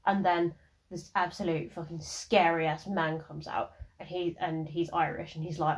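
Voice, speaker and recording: A young woman tells her own story on her podcast, rambling and frank, with plenty of swearing. Her voice sits a little low for a woman, and she talks casually. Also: steady tone, normal speed. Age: early 20s. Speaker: podcast host.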